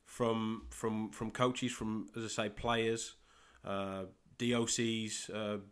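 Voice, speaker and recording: A young English man with a West Midlands accent hosts his own soccer podcast alone. His voice sits low and stays fairly flat. He talks haltingly, repeating words and filling pauses as he goes. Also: clean tone. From England. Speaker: podcast host and soccer coach. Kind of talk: solo podcast monologue.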